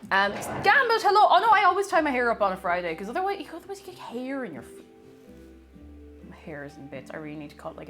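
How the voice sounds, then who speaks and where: A woman chatting casually to viewers while cooking live at home, reading out messages and greeting people, sometimes drifting away from the mic. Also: on the high side. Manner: chatty, reads chat aloud and greets viewers excitedly. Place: home kitchen. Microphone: moves away from mic while cooking.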